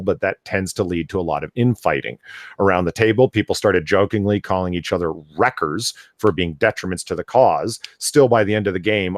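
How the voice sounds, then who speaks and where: A man's voice: low voice, dry recording, clean studio sound. A man co-hosting a comics podcast, reading an article aloud with sarcastic, exasperated commentary. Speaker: podcast co-host.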